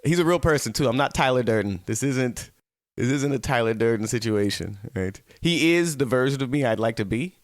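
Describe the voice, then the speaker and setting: A man's voice: mid-range voice, animated, fairly quick, no echo, studio quality. Playful man hosting a solo web show. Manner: playful, rambling, talks straight to the viewers. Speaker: host of his own web show. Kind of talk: casual solo talk-show monologue.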